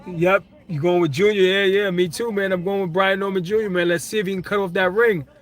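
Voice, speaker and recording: A young man from Brooklyn, hosting a casual live stream, chatting with viewers, slangy and quick to laugh. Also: high-pitched. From Brooklyn, New York. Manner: excitable, laughs often, slangy, talks to chat. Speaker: livestream host. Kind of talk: casual live stream chat, reading comments.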